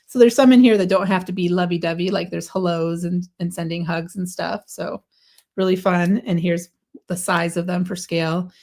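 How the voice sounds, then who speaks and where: A woman's voice: fairly low pitch, steady tone, moderate pace, darkish tone. A woman hosting a live craft stream, chatting enthusiastically through a product demo, sometimes tripping over her words and correcting herself. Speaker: craft livestream host.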